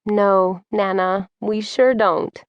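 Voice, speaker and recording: A woman's voice: mid-range voice, level tone, takes it slowly, dry recording, lo-fi sound, natural voice. Brief: wistful young woman, read by a woman narrator, audiobook, mid voice. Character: young woman, once a rebellious teen, wistful. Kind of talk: audiobook character voice.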